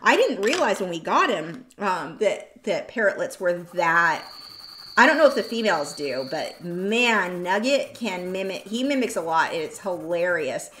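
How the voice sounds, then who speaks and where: A woman's voice: on the low side, sing-song, normal speed, fairly bright tone, slight background noise. A woman hosting an art livestream, chatting casually and rambling as she reads viewer comments aloud. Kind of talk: casual chat while drawing. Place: home art studio. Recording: echoey room.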